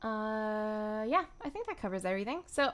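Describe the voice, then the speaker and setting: A woman's voice: medium pitch, sing-song, normal speed, a bit bright, clear, resonant tone. A woman streamer in casual live-stream chat who is giggly and rambling, with lots of ums. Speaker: streamer and voice actor.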